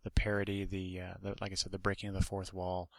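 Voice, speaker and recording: A man's voice: low-pitched, monotone, quick pace, no room sound. A man hosting a podcast, casually reviewing a comic book in a rambling way, with many restarts and asides.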